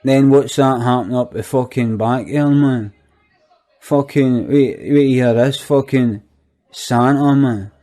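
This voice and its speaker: Sweary, rambling Glaswegian young guy, played by a man, slow delivery, dark tone. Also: mid-range voice, lightly acted. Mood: incredulous ranting. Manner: rambling, swears constantly, repetitive. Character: foul-mouthed skint young Glasgow man, incredulous. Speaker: comic monologue character. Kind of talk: sweary comic rant.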